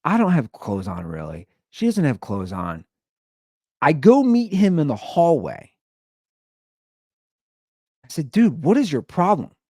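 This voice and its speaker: A man's voice: mid-range voice, wildly swooping pitch, slow pace, pauses often, a little mellow, dry recording, clean studio sound. A man hosting a comedy podcast, telling a story and acting out both sides of the argument.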